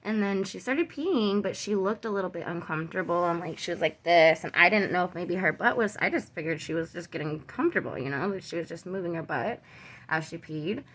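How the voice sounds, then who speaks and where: Young woman, mother, personal testimony, halting, lots of fillers, subdued voice. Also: lowish voice, expressive. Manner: halting, full of um and you know; soft and subdued, rising when tense. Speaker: mother telling her family's story.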